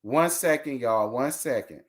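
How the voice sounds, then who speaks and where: A man hosting a casual live review from home, talking in a sassy, animated, gossipy way and calling his viewers y'all and girl. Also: mid-range voice, a little slow. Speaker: host of a reality TV live review show.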